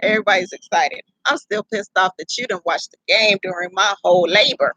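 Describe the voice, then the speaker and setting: A young adult woman, telling a personal story to camera in a candid, profane, animated way. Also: medium pitch, brisk, no echo, low-quality recording. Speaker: vlogger.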